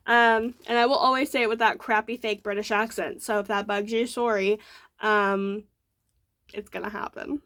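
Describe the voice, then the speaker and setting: A woman's voice: on the high side, steady tone, moderate pace, fairly bright tone. A young woman hosting a casual crafting show-and-tell, bubbly and gushing, rambling with lots of fillers. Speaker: knitting podcast host.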